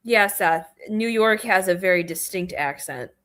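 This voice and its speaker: Young woman, central Michigan accent, chatty and playful guest, mid-pitched, quick to laugh. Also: a bit bright. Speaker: knife shop guest. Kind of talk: casual chat.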